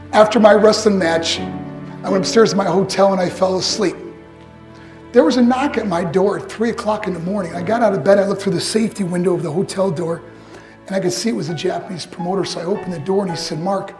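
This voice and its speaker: A man's voice: high-pitched, a little mellow, reverberant. A man giving a motivational speech, telling stories and acting out the voices of the people in them. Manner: storytelling, acts out quoted voices. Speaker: motivational speaker.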